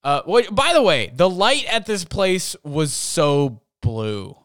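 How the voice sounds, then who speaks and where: A man's voice: high voice, sing-song, slow, fairly bright tone, no room sound, studio quality. A man who does stand-up, telling a rambling story from his bedroom, saying "like" constantly. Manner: rambling, heavy use of "like". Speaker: stand-up comedian. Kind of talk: casual storytelling.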